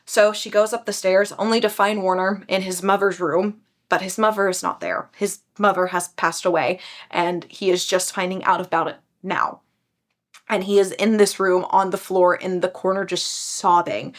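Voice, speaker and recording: A young woman casually retelling a book series, animated and chatty, jumping into quick voices for the characters. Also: mid-range voice. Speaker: book reviewer.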